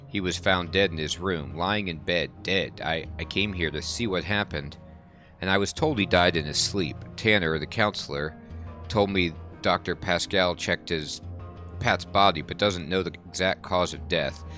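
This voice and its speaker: A man reading the part of a grieving, worn-out man who drinks and wants the truth about his dead brother, in halting, emotional dialogue. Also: sits low, sharp tone, soft background music.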